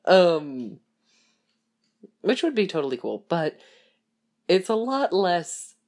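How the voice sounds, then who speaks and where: A woman's voice: on the low side, big pitch swings, drawn-out words. A young woman chatting casually about a TV show, rambling and laughing as she acts out lines in little voices.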